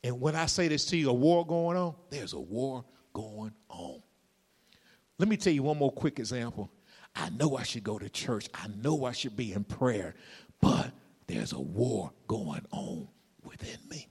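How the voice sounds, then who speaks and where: A man preaching a sermon in a Southern Black church style, dropping to whispers and rising to shouts. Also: mid-range voice, sing-song, normal speed, husky. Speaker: pastor. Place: church sanctuary. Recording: reverberant hall.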